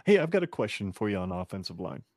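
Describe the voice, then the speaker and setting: A man's voice: fairly low pitch, big pitch swings, fast talker, darkish tone, no room sound, studio quality. A man co-hosting a sports podcast, asking questions in a laid-back, casual way. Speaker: podcast co-host.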